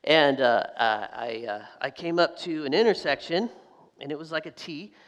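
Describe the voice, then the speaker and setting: A man preaching a sermon as a pastor, telling a story in a lively way and acting out the voices of people in it. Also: a little high, normal speed. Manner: animated storytelling, acts out quoted voices, laughs. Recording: long hall reverb.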